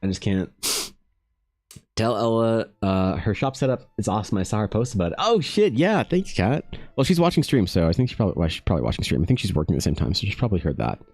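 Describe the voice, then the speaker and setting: Rambling low-voiced man chatting on stream. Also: sing-song, fast talker, a little mellow, no echo. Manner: rambling, self-deprecating, talks to chat by name. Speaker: artist streaming live. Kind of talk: casual chat on a live stream.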